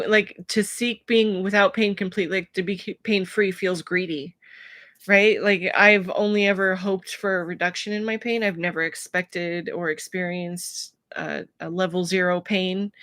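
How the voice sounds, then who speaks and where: A woman talking to camera about her feelings in a personal vlog, emotional and searching for words, with many pauses and fillers. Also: medium pitch, steady tone, fairly bright tone, no echo. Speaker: vlogger.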